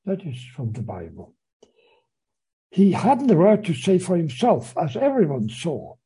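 A man's voice: a little high, huge pitch swings, unhurried, mellow, husky, poor audio. A man lecturing on a novel, hesitating with frequent fillers and restarts as he reads passages aloud. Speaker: literature lecturer.

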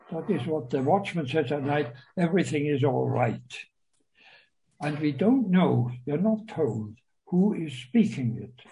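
A man giving a literature lecture, reading quoted lines aloud and explaining them, hesitant with many pauses and fillers. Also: on the high side, animated, warm tone, muffled recording. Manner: slow, hesitant, many uhs, reads quoted lines with raised voice.

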